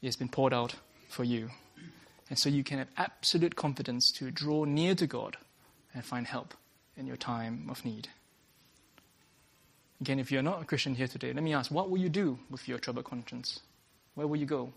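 A man's voice: medium pitch, moderate pace, gravelly, fairly bright tone, husky. A man preaching a sermon to a workplace gathering, earnest, often starting lines with "uh" and restating his points.

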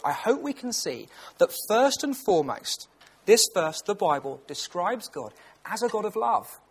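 Husky British man preaching. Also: high-pitched. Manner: conversational, anecdotal, earnest. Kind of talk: lunchtime Bible talk.

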